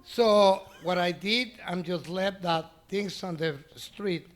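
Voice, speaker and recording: A middle-aged man whose first language is Spanish tells an animated story in broken English. His voice sits a little high for a man, and he laughs often as he acts out what other people said. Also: takes it slowly. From Mexico. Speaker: restaurant owner. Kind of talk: storytelling in an interview.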